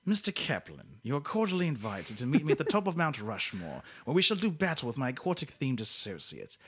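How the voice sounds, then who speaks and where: A man putting on a suave, menacing old-film villain with a lowered, drawn-out, formal delivery. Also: monotone, bright, forceful tone, husky, exaggerated voice. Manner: formal, gloating villain speech.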